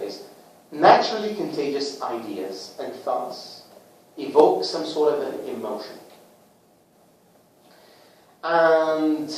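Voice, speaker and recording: A man presenting a book to a small group in a casual talk, with lively rhetorical questions and acted-out little scenes. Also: on the high side. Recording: echoey room, far from the mic, faint noise.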